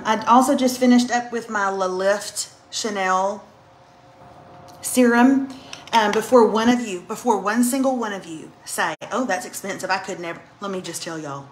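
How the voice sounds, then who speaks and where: A woman's voice: mid-range voice, a little hiss or hum. A woman, chatting and joking with viewers on a bedtime livestream at home. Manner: chatty, joking, talks straight to commenters. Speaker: livestream host. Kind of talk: casual live chat to viewers. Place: her home, getting ready for bed. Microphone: phone livestream.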